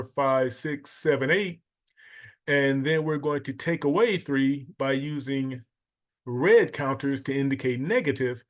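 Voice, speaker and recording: A man teaching a math lesson, patiently explaining and counting items aloud step by step. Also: mid-range voice.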